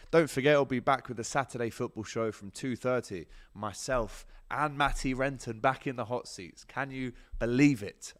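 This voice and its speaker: A man's voice: medium pitch, dry recording, studio quality. A male sports show host, chatting casually through football transfer news and viewer comments, with plenty of ums as he talks straight to his audience. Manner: chatty, lots of ums, addresses viewers directly.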